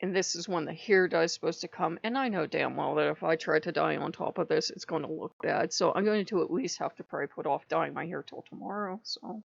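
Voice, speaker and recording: A woman with a fairly low voice rambles through a casual vlog, cursing freely and laughing often. The sound is dull and lo-fi, dry with no room around it. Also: brisk, creaky, hardly any pauses, slightly rough, no echo. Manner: profane, animated, laughs often. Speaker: channel host. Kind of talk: casual spiritual vlog monologue.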